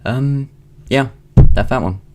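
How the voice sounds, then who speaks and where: A man's voice: mid-range voice, slow, loud music behind the voice. A young man in his late teens from Wales, with a British accent, rambling through a casual vlog monologue with frequent ums and restarts, recorded at home. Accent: British English. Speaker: vlogger.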